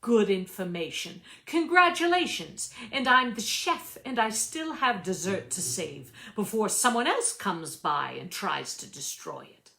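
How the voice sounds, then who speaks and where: A woman's voice: medium pitch, big pitch swings, measured pace, creaky, few pauses, pushed and bright, full character voice. A woman voicing a stiff, condescending British male chef who speaks in clipped, over-enunciated words. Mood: curt.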